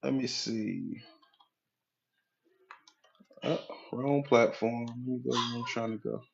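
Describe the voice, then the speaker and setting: A man coaching on a live stream, greeting viewers by name, repeating his points and pitching his community in a casual way. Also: fairly even intonation, slow, gravelly, muffled recording.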